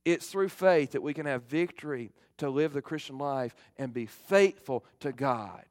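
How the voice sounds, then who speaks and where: A middle-aged male pastor giving a fervent sermon, swinging from loud emphasis to hushed appeals. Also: medium pitch, normal speed, dry recording, clean studio sound.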